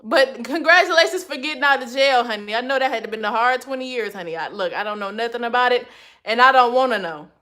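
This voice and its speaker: A woman's voice: fairly high pitch, fast, sharp tone. A woman hosting a casual livestream from her phone, reading comments and answering in a sassy manner, calling everyone honey. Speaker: livestream host.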